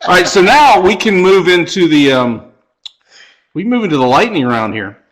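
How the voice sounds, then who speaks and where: Chatty male podcast host, fairly high voice. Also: sing-song, normal speed, a bit bright, low-quality recording. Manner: chatty, prompts others with questions, chuckles often. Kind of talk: casual chat.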